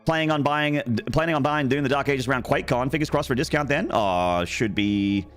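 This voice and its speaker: A man's voice: mid-range voice, fairly quick, a bit bright, soft background music. A young man with a mixed Australian accent, chatting and joking with viewers on a gaming stream. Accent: Australian, with some American. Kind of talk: casual live-stream chat.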